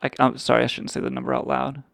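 A man's voice: medium pitch, flat delivery, quick pace, creaky, fairly bright tone. A man hosting a livestream, rambling in a crude, sarcastic way. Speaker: podcast host. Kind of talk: casual profane livestream chat.

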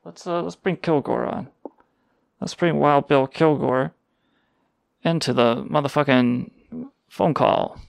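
A man's voice: on the high side, slow, creaky, long pauses, no echo. A man hosting a call-in radio show, ranting and swearing in crude comic banter. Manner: profane, ranting, mock-indignant.

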